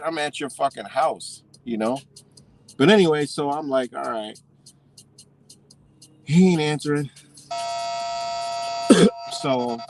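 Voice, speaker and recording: A vlogger tells a story in a relaxed way, swearing freely and getting animated as he goes. His voice is medium in pitch.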